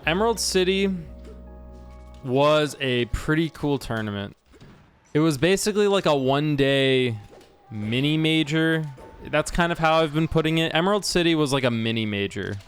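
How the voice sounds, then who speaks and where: Man, casual stream chat, rambling storyteller, soft music behind. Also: on the high side, animated, a little slow. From Washington state. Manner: rambling storyteller with frequent restarts and fillers. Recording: faint music underneath.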